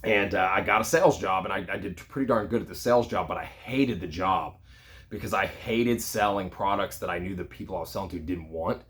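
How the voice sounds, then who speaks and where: A man's voice: sits low, fairly quick, fairly bright tone. A man in his thirties, a real estate agent, casually telling a personal story with frequent "you know" and "like".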